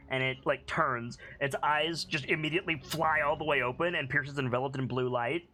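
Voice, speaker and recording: A game master narrating a tabletop game with rambling, animated descriptions. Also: medium pitch, fairly quick, hardly any pauses.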